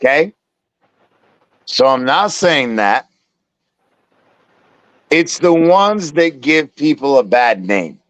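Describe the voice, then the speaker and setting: A man's voice: mid-range voice, sing-song, slow pace, pauses often, no echo. A man from South Carolina ranting profanely in casual podcast chat. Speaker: podcast co-host.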